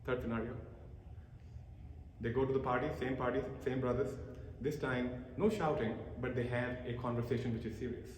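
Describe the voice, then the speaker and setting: A man's voice: medium pitch, moderate pace, a little hiss or hum. A man giving a talk on emotions to an audience, telling stories and acting out the quoted voices of the people in them. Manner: acts out quoted voices, animated storytelling. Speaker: lecturer. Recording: echoey hall with long reverb.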